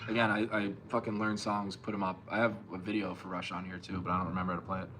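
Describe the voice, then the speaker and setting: A young man from Long Island streaming live as a bass player, loosely reading chat and answering with plenty of swearing. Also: flat delivery, fast, a bit bright, soft background music. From Long Island, New York. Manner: loose and profane, reads chat aloud and answers.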